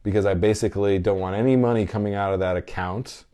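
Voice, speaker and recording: Fast and mellow, this thirtysomething male podcast host has a lowish, clear, resonant voice and fairly even intonation. Going through listener comments in a relaxed live chat, he opens up emotionally, speaks candidly, and swears a lot.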